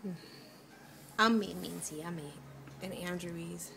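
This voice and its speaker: A mother's voice from behind a handheld home camera, praising and coaxing her toddlers through dinner in a bright sing-song. Her voice sits at an ordinary middle pitch, and faint background noise runs under the home video. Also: moderate pace. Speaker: parent filming her children. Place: family dinner table at home.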